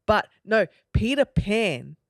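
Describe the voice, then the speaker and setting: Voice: mid-range voice, slow pace, vocal fry, no echo, clean studio sound. A podcast host reflecting on a film in casual talk, acting out quotes and often checking in with "you know?". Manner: animated, acts out quotes, asks "you know?".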